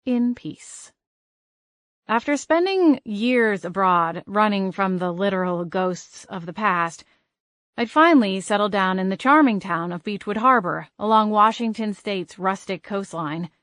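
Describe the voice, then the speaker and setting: Expressive woman narrating an audiobook, dry. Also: mid-range voice, dry recording. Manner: expressive, brisk character reading.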